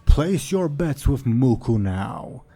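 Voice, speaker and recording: A man voicing a slow, commanding male fighting-pit boss in a tabletop game. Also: mid-range voice, very animated, creaky, mellow, pitched above the performer's own voice, full character voice. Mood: announcing.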